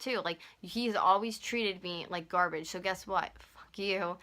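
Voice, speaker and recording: A young woman in her twenties vlogging at home, telling a story in a fast, heated way full of "like," into a camera on a stand. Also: medium pitch, bright, forceful tone. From North America. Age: 20s. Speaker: YouTuber. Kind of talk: storytime vlog.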